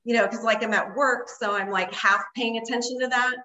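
A woman's voice: a little high, fairly even intonation, a little fast, sharp tone, echoey room, low-quality recording. A woman guest telling a story in casual conversation, rambling with lots of fillers. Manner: rambling, many fillers like "like" and "you know". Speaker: interview guest.

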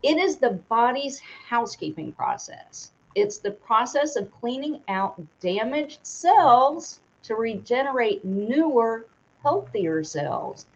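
A very animated woman with a voice on the high side reads slowly through a sponsor spot on a live show. In casual stream talk captured with dull lo-fi sound, she trips over difficult words and laughs it off.

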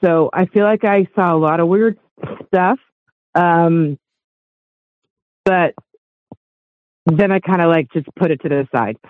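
Emotional middle-aged male caller, high-pitched, heard over a tinny phone. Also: slow, long pauses, dry recording. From Los Angeles, USA. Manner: earnest, emotional, rambling. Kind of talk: call-in radio chat.

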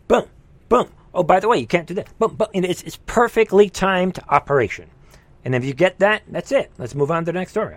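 A man hosting a live political commentary stream, emphatic and sarcastic, jumping between loud exclamations and low muttering. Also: dry recording.

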